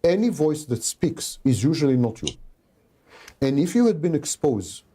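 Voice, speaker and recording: A man's voice: on the high side, very animated, normal speed, warm tone, slightly rough. A man giving a talk in a didactic, emphatic way, repeating his key phrases, in a played recording. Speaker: lecturer.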